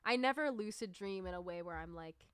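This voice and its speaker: A woman's voice: mid-range voice, animated, fairly quick, clear, resonant tone, no room sound. Chatty woman streamer with a dry close sound. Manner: rambling, chatty, many "like" fillers. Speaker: livestreamer and musician. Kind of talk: casual livestream chat.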